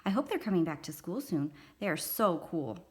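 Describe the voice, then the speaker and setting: A woman's voice: lowish voice, sing-song, normal speed. A woman voicing an admiring twelve-year-old schoolgirl in a read-aloud story. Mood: gushing. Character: gushing schoolgirl, about twelve.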